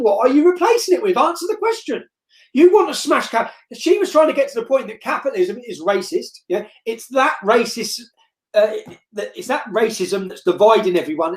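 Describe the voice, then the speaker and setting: A very high-voiced man tells a story as an interview guest on a live stream. He's blunt and forceful, repeats himself, and ends lines with "yeah?". The room adds a noticeable echo.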